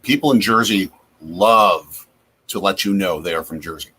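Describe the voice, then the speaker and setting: Deep husky-voiced man chatting over a game. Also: moderate pace, pushed and bright. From Wisconsin. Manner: chatty, reacts aloud to plays. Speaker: host. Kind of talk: casual live game commentary. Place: home basement.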